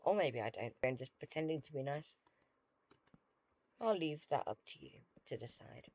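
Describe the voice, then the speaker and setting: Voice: medium pitch, lively intonation, moderate pace, darkish tone. A British streamer chatting casually with viewers while playing a game, dry and self-deprecating.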